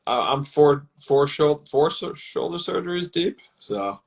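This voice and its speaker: A man, a football team's personnel director, answering interview questions in a measured, explanatory way. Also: on the high side, lively intonation, vocal fry, rough recording. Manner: measured, explanatory, with many fillers.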